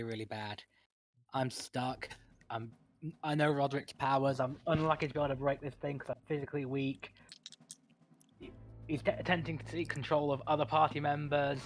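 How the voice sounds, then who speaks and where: A man playing in a tabletop game, talking through the rules and describing his character's feelings. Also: on the high side. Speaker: player. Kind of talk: casual tabletop game chat.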